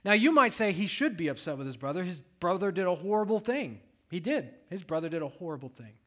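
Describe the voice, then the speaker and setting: Man preaching a sermon, fairly high voice. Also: very animated, fast talker, fairly bright tone. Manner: preaching with rhetorical questions and scripture reading. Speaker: pastor.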